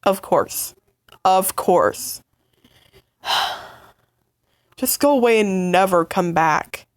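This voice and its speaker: A woman voicing an upset young partner in a fight with the listener, stammering and halting in emotional outbursts. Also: mid-range voice, animated, no room sound. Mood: bitter, angry. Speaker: voice actor in a listener role-play. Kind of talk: listener role-play audio drama.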